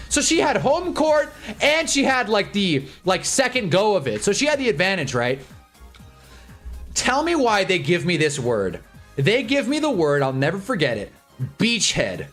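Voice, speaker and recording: Young man, stream host, high voice, swooping pitch, cursing, mock outrage, faint music behind. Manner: animated, profane, mock-outraged storytelling. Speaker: livestream host. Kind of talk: casual storytelling on a livestream.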